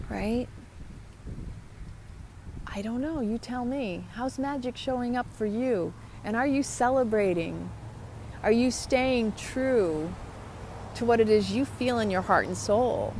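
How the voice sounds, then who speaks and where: A woman's voice: a little high, a little mellow, a little hiss or hum. A woman talking to her viewers in a motivational vlog, upbeat and chatty. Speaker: vlogger. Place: outdoors.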